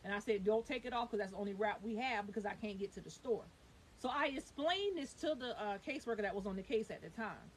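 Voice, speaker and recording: A young woman vlogging about her own life, talking fast and emphatically and swearing when upset. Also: mid-range voice, lively intonation, poor audio. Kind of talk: heated personal storytelling. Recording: faint hiss.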